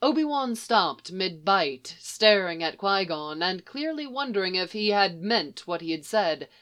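A narrator reading a story aloud in a soft, measured way. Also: medium pitch, expressive, smooth. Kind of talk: audiobook reading of fan fiction.

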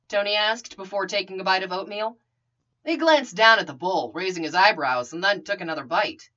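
Woman reading a story aloud, lively. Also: mid-range voice, a little fast, muffled recording. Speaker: reader. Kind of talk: storybook narration.

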